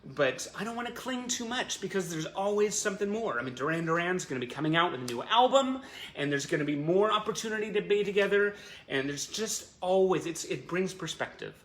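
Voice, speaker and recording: Bright, effusive man hosting a livestream. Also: high-pitched, animated, brisk. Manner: emotional, effusive, many fillers and restarts. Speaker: host of a fan livestream. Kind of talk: casual heartfelt chat to viewers.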